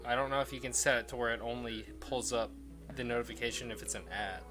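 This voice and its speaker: A man's voice: medium pitch, steady tone, quick pace. A man streaming a game, chatting casually with friends and making dry, sarcastic remarks. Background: game music.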